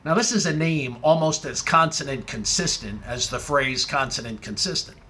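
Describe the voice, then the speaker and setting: Lively storytelling man, bright tone. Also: medium pitch, normal speed. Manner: wordplay-heavy, rising excitement in punchlines. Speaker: comedian. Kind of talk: stand-up storytelling.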